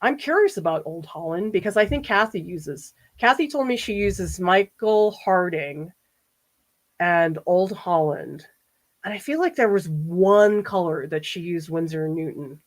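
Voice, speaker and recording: During a livestreamed painting demo, a US East Coast art professor with a lowish, unhurried voice chats casually with viewers. She frequently breaks into laughter while reading their comments aloud.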